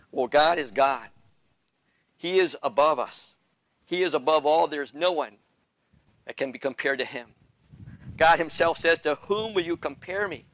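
Earnest preaching man, slightly high voice. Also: fairly bright tone, no echo, rough recording. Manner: earnest preaching with repeated phrases and restarts. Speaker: pastor. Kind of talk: sermon.

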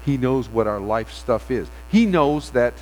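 A man's voice: medium pitch, lively intonation, darkish tone. Man preaching in a reverberant hall. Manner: conversational storytelling with frequent pauses. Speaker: pastor. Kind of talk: sermon. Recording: long reverb of a large hall.

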